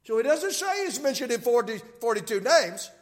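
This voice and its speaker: Man, bible teacher, high pitch, explanatory, repeats points, reverberant hall. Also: big pitch swings, moderate pace. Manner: explanatory, repeats key points, quizzes listeners.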